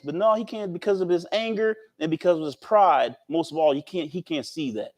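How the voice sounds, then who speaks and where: An American man with a high-set voice teaches scripture in a loose, conversational way. He stumbles, repeats himself and restarts sentences as he explains. His delivery stays folksy and animated. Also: brisk, few pauses. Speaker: preacher.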